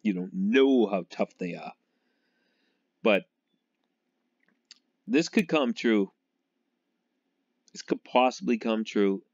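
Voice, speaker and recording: A man's voice: on the low side, animated, slow pace, long pauses, darkish tone, dry recording. A man from Massachusetts rambling through a casual monologue about football, laughing often and trailing off as he talks. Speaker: sports fan vlogger. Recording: dull lo-fi recording.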